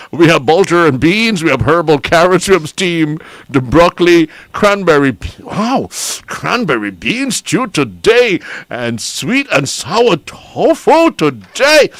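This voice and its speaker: Man, Antiguan accent, radio host, savors food aloud, somewhat high, dry studio. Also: no room sound. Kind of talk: casual radio chat, reading lunch specials.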